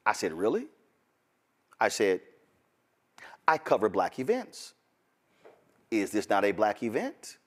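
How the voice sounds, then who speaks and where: Animated man telling a story. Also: fairly low pitch, takes it slowly, long pauses. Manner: animated, storytelling with asides to the audience. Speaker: talk show host. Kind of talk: commentary monologue.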